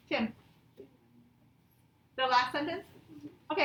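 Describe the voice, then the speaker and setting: A woman's voice: high-pitched, measured pace, long pauses, a bit bright. A woman teaching a grammar lesson to young pupils, thanking each child and reading example sentences with exaggerated expression. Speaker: elementary school teacher. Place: classroom. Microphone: distant mic in the room. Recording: echoey classroom, distant mic, faint hiss.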